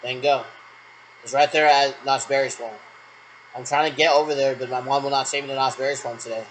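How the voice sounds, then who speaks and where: A vlogger runs through make-believe radio checks on his own, chatting to callers who aren't there and leaning heavily on "actually." His mid-range voice is fairly even in intonation and a little fast. The recording is rough, with slight background noise.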